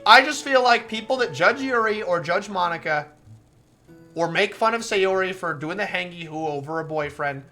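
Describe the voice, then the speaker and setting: A woman's voice: on the low side, lively intonation, normal speed, sharp tone, soft background music. A woman streaming a visual novel, ranting heatedly with a lot of swearing and stumbling restarts. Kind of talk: live game commentary and reading.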